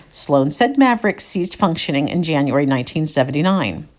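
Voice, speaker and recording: A woman around fifty, hosting a podcast, reads old newspaper clippings aloud and breaks in with wry, chatty comments. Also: on the low side. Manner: wry, chatty asides between read passages. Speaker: podcast host.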